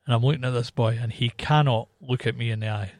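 A man's voice: mid-range voice, fairly even intonation, fast talker, a little mellow, no room sound, studio quality. A man with a Scottish accent in casual chat, telling a rambling, sweary story.

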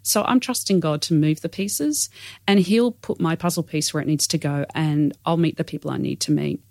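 A woman's voice: deep voice, moderate pace, vocal fry, darkish tone, no echo, clean studio sound. An Australian woman, a church women's leader, speaking candidly in an interview, earnest and self-deprecating with many fillers.

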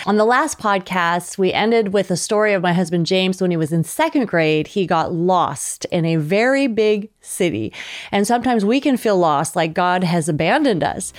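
A woman podcast host delivering a sermon-style message as an animated storyteller who acts out voices. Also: mid-range voice, moderate pace.

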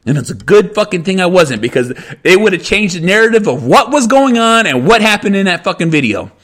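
Fiery, profane man ranting high and bright. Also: sing-song, a little fast. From United States. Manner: heated, repetitive, swearing, restarts mid-sentence. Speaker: podcast host. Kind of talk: angry profane rant.

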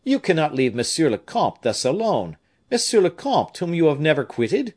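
A man's voice: mid-range voice, sing-song, unhurried, voice pushed up. A man voicing a devoted young nobleman who speaks fervently and with emotion. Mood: urgent.

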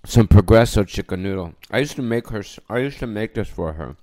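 A man's voice: lowish voice, expressive, brisk, warm tone, dry recording. A man hosting his own podcast alone, rambling casually and cursing constantly, with lots of ums and asides. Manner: rambling, profane, lots of fillers. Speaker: podcast host. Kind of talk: casual solo rant. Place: recorded alone without producers.

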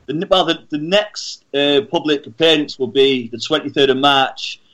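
Laid-back english band guy on a radio show, slightly high voice, relaxed answers. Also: moderate pace, lo-fi sound. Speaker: guest musician. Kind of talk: casual radio interview.

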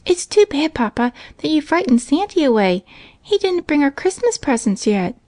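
A woman voicing a sweet, eager little girl in a storybook reading, with a high childlike tone. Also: very animated, normal speed, darkish tone, dry recording. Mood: disappointed.

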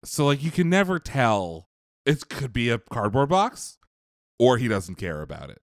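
A man co-hosting a podcast, telling stories in casual chat, animated and profane, laughing often. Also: medium pitch, moderate pace, dry recording, clean studio sound. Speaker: podcast co-host.

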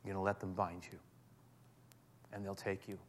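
A man speaking as a gentle spiritual teacher, in a soft, measured and earnest voice. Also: deep voice, level tone, voice pushed down. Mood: solemn tender.

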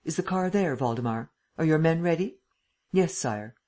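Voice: medium pitch, lively intonation, moderate pace, dark tone, lightly acted. A reader voicing a stern, impatient emperor who gives short, authoritative commands. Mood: commanding. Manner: curt, authoritative. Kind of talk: audiobook character reading.

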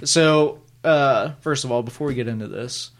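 A man on a comics podcast chatting casually and acting out scenes in quick, funny voices. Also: medium pitch. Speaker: podcast co-host.

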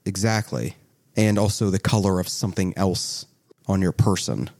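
Low-voiced man running a tabletop game. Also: normal speed, a little mellow. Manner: joking, rambling narration with restarts. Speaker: game master.

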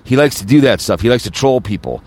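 A man hosts his own podcast, speaking fast in a medium-pitched, sing-song, slightly mellow voice. His rant is agitated and rambling, full of repetition and stumbling restarts.

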